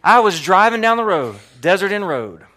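A male pastor from Florida, high-pitched and moderately paced, preaches a sermon built around a personal story. He tells it with animation, often repeating words, his volume rising loud and then dropping low.

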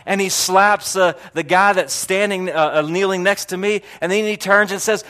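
A male pastor preaching to his congregation with a notably high voice. He tells a story with plenty of restarts and fillers. His voice dips into low murmurs and then climbs into loud, excited bursts. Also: normal speed, hardly any pauses, smooth. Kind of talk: sermon. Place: church hall.

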